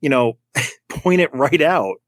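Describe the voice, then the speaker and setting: A man's voice: a little high, expressive, slow pace, dry recording, studio quality. A man co-hosting a casual movie podcast, talking in a thoughtful, hesitant way. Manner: thoughtful, hesitant, many fillers.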